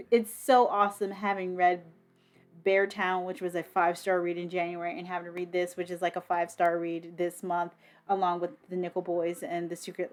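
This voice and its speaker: Excitable woman gushing over books. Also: lowish voice. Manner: enthusiastic, swears freely, many ums and restarts. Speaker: book vlogger. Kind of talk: casual book review.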